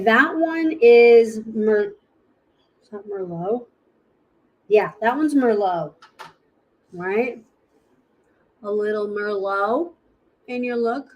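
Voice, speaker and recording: A woman's voice: fairly high pitch, highs cut off. A woman giving a casual live makeup tutorial, chatting and thinking aloud as she hunts for her products. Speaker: makeup presenter.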